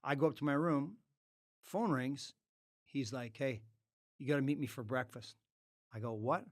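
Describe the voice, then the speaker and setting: A middle-aged man, a former hockey player, telling stories as a podcast guest in a studio. He swears freely and breaks into loud outbursts. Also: medium pitch, moderate pace, no room sound. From Canada. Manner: animated, profane storyteller with loud outbursts. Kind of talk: casual storytelling.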